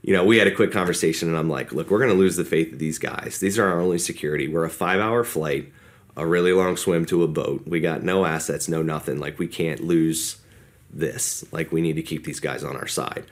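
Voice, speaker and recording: Very deep-voiced man telling a war story. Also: a little fast. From United States. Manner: casual storytelling, acts out quoted dialogue. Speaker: podcast guest. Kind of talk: war story told in an interview.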